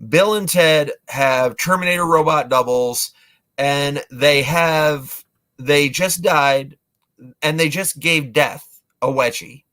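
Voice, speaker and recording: A man's voice: fairly high pitch, slow pace, sharp tone. A man retelling a movie plot casually, rambling with lots of fillers and acting out lines. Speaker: movie reviewer.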